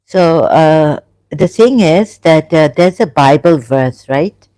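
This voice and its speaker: Host from England in a casual live chat, unhurried and hesitant, dry close sound. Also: medium pitch, lively intonation, warm tone, dry recording. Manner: halting, thinking aloud.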